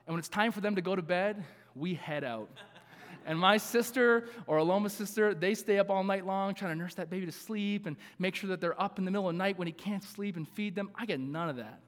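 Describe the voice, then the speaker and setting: A high-pitched male pastor delivers an earnest sermon, building to emphatic repeated calls and easing into light laughing asides. His voice rings out with long reverb in a church sanctuary. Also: a little fast.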